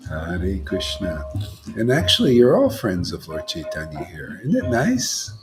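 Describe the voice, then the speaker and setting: A man's voice: deep voice, wildly swooping pitch, unhurried. A man, a monk leading a devotional gathering, giving a rambling informal talk and often checking in with his listeners. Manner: rambling, keeps asking listeners "you know?". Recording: music playing behind the voice.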